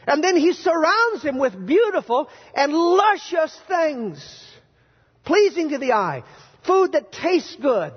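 A male pastor preaching a sermon in a church, animated and quizzing his congregation with playful sarcasm. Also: very high voice, takes it slowly. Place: church sanctuary. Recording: dull, reverberant church hall recording.

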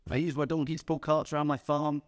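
A man's voice: a little high, little pitch movement, quick pace, dry recording. A man giving a sermon, telling a playful story in the first person and chuckling at his own jokes. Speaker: preacher.

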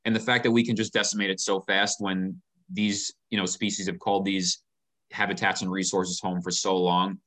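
A passionate man in a relaxed sit-down interview. His voice sits low but rings bright and forward. He talks earnestly and often doubles the first word of a thought. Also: normal speed. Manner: earnest, passionate, repeats words when starting sentences. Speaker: company founder, guest. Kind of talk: casual interview conversation.

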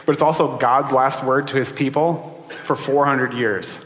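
A man in his thirties preaching a sermon as pastor, conversational and building to animated emphasis. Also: mid-range voice, a little slow. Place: church sanctuary. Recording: echoey hall.

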